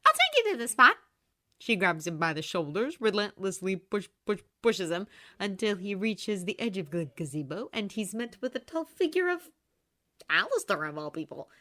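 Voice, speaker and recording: A woman reading fanfiction aloud in an animated storytelling manner, close to the microphone. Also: mid-range voice, moderate pace, no echo. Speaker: audiobook reader. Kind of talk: fanfiction narration.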